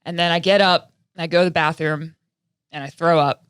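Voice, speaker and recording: A woman guest on a podcast, telling a story in animated casual chat. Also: deep voice, fairly quick, clean tone, no echo. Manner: animated, expressive retelling.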